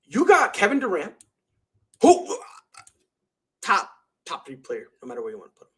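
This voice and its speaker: Animated young man ranting about sports. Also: high voice, moderate pace, breathy edge. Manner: emphatic, rhetorical, slangy, with mock voices. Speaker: sports talk show host. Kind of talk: animated sports opinion monologue.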